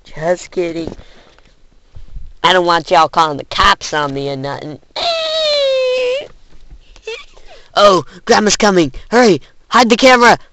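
A man's voice: sits high, moderate pace. A teenage guy vlogging on a handheld camera at a busy kids' pizza and arcade place, joking around in a goofy, exaggerated way. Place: indoor children's pizza and arcade venue. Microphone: handheld camera mic. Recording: loud crowd noise on camera mic. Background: loud crowd chatter and arcade noise.

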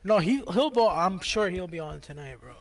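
A man's voice: high-pitched, expressive, moderate pace, a crowd in the background. A hyper young man chatting loosely with friends during an online squad game, often saying "bro". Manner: hyper, rambling, says bro a lot. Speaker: gamer on a stream. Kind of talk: casual gaming chat.

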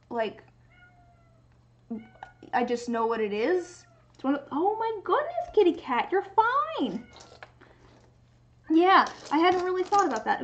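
High-voiced woman musing on stream. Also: fairly bright tone, dull audio. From United States. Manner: rambling, musing aloud, reading chat. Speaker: livestreamer. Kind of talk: casual crafting livestream chat.

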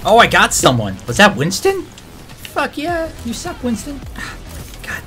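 Excitable trash-talking gamer guy. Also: sits high, moderate pace, soft background music. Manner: excitable, trash-talking, frequent shouted outbursts. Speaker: gamer and video creator. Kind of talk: let's-play commentary.

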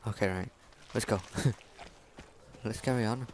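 A man giving let's-play commentary, swearing constantly and yelling at enemies in the game. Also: on the low side, fairly even intonation, slow, long pauses, slight background noise. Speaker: gameplay commentator.

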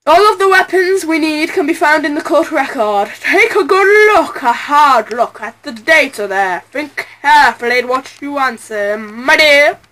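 Woman reading as a smug male prosecutor, bright voice. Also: high voice, lively intonation, a little slow, few pauses, heavily acted, low-quality recording.

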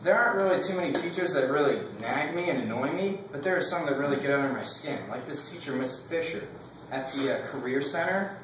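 A young man rambling through a casual class speech, leaning on "like" and laughing between his points. His voice sits a little high. The sound is echoey and distant, picked up from across a classroom with clear background noise. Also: expressive, fairly quick. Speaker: student giving a speech.

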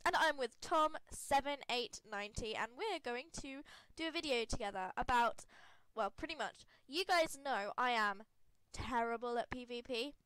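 A woman's voice: fairly high pitch, animated, moderate pace, few pauses, fairly bright tone, clear, resonant tone, no room sound. A woman with a cold, congested and sniffly, giving giggly, rambling, self-deprecating commentary over a video game. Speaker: gaming video creator. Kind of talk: casual gameplay commentary.

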